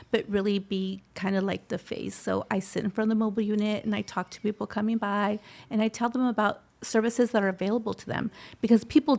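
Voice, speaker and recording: A woman's voice: medium pitch, vocal fry, darkish tone. A middle-aged woman telling her personal story in an interview, heartfelt, slipping Spanish phrases into her English. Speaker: scholarship recipient guest.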